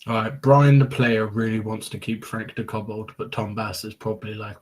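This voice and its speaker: Husky, low-voiced male player. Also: level tone, moderate pace, darkish tone. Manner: casual, swearing. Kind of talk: casual chat at a game table.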